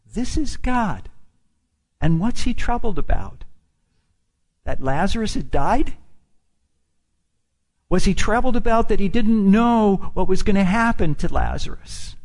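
Dramatic preacher man, slow and emphatic. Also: high voice, expressive. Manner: dramatic swings from hushed whispers to loud, emphatic rises. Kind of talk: sermon.

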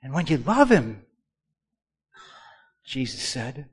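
A man preaching a sermon as pastor, moving between quiet, low musing and loud, slow, emphatic lines, and leading the congregation in call-and-response. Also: very animated, husky.

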